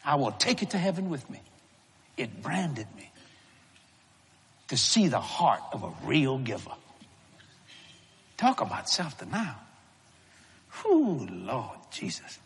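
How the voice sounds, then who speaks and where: A middle-aged man preaching a sermon, telling stories in a folksy, animated way with frequent chuckles. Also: mid-range voice, slow pace, long pauses, breathy edge. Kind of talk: storytelling sermon. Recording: reverberant large hall.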